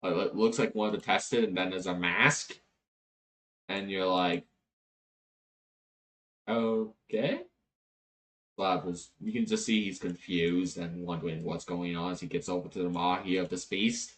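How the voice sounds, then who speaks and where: A man narrating a tabletop game as game master, in a relaxed, chatty way. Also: deep voice, moderate pace, low-quality recording.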